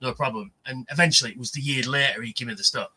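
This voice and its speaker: A man's voice: medium pitch, racing, bright, forceful tone, slightly rough, low-quality recording. A man telling rambling stories in a casual livestream chat, full of fillers. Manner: rambling, chatty storyteller with many fillers. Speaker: livestream co-host. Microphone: livestream mic.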